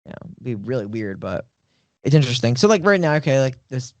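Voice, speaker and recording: A man's voice: medium pitch, sing-song, a little fast, darkish tone, no echo. A man co-hosting a podcast in casual chat, rambling with lots of filler words and casual swearing. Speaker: podcast co-host. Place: podcast studio.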